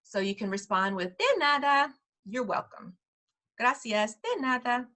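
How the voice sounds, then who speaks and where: A preschool director with a bright, clear, slightly high voice leads a relaxed Spanish class for parents. It's a friendly language lesson where she says each phrase slowly for the learners to repeat and laughs easily in between.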